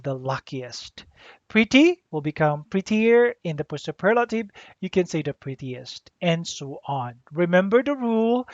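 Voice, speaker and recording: A teacher giving a grammar lesson, deliberately spelling out letters and repeating the rules. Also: medium pitch, no echo. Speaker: English teacher. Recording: dull lo-fi dry recording.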